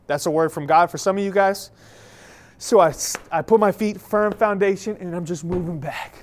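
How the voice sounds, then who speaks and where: A young male pastor delivers a sermon as an animated storyteller, acting out scenes with playful energy. He sounds a little out of breath as he talks. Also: high-pitched, normal speed, a little hiss or hum.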